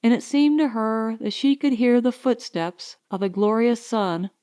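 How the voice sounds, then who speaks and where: A woman narrating an audiobook in a slow, expressive reading voice. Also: fairly high pitch. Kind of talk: scripted narration.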